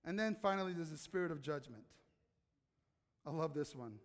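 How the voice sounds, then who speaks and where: Brief: male pastor, high voice, chatty sermon that keeps asking the congregation questions, reverberant hall. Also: lively intonation, moderate pace. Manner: conversational, questions the audience, acts out quotes.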